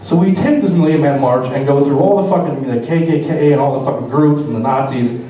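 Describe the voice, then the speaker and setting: A man's voice: a little high, fairly quick, mellow, slight background noise. A man doing a stand-up routine on a club stage, telling a story with lots of swearing. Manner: profane storytelling. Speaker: stand-up comedian. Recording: echoey, dull live club from far.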